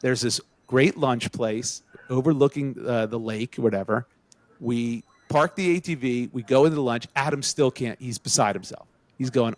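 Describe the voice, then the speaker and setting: Recorded with no room sound, this podcast co-host speaks at a moderate pace while telling friends a story. He's animated, performing the quoted parts with a rising pitch.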